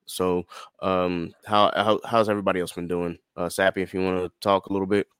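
A man's voice: sits low, flat delivery, fairly quick, fairly bright tone, smooth, no echo, clean studio sound. A man hosting a casual podcast chat, upbeat and passing the talk to his co-hosts. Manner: upbeat, hands the floor to co-hosts. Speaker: podcast host.

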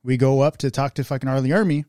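A man's voice: mid-range voice, steady tone, quick pace, warm tone, no echo, clean studio sound. A young man co-hosting a podcast, telling a rambling, profane story in casual chat and searching for names. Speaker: podcast co-host.

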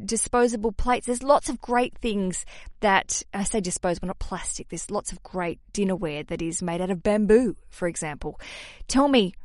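A young adult woman hosting a podcast, chatty and animated with self-deprecating asides. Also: mid-range voice, dry recording, clean studio sound. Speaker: podcast host. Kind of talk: casual podcast talk.

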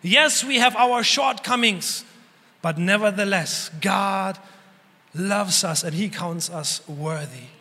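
High-voiced pastor preaching in a reverberant hall. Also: male voice, slow pace, sharp tone. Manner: earnest preaching with emphatic repetition and dramatic prayer voicing. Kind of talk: sermon. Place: church hall.

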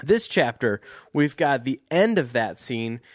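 A man's voice: medium pitch, big pitch swings, unhurried, dry recording. Guy cohosting a chatty podcast, laughs a lot, dry close sound. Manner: laughs often, rambling joking banter. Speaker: podcast co-host. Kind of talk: casual chat, book club podcast.

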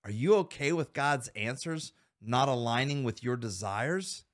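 A man's voice: mid-range voice, lively intonation, a little slow. A man hosting a Christian men's podcast, earnestly exhorting listeners with rhetorical questions and calling them guys. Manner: calls listeners guys and men. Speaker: podcast host.

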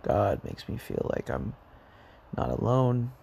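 A young man speaking softly and haltingly in a personal diary vlog, tired and sad, sometimes dropping close to a whisper. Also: mid-range voice, very animated, gravelly, a little hiss or hum. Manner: soft, hesitant, halting, sometimes near a whisper. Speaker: vlogger.

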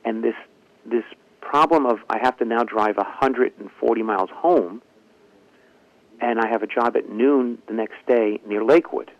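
Man telling a lively story. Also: mid-range voice, moderate pace, no room sound, lo-fi sound. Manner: lively anecdotal telling, acts out quoted dialogue. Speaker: guest ventriloquist and comedian. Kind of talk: animated storytelling in an interview.

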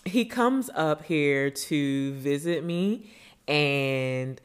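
A woman's voice: deep voice, animated, very slow, clean tone. A woman co-hosting a podcast, laid-back and chatty, laughing easily. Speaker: podcast co-host. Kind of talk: casual chat.

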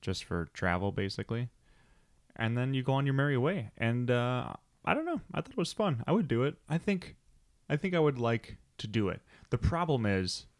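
A man's voice: mid-range voice, sing-song, normal speed, no room sound, studio quality. A man in his thirties co-hosting a podcast, rambling through a story and acting out what people said. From United States. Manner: rambling storyteller, acts out quotes. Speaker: podcast co-host. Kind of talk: casual chat.

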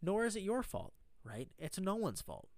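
With a high-pitched voice that swings widely in pitch, a man speaks at normal speed in a casual vlog, sharing a mindset talk while stranded at an airport after a cancelled flight. He rambles earnestly and keeps checking in with "right?" There is no room sound.

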